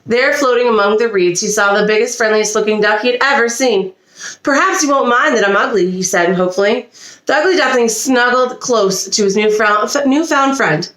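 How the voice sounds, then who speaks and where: A woman reading a children's storybook aloud with expressive delivery and small slips. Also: on the high side, moderate pace, reverberant. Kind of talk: reading a picture book aloud. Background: a child nearby.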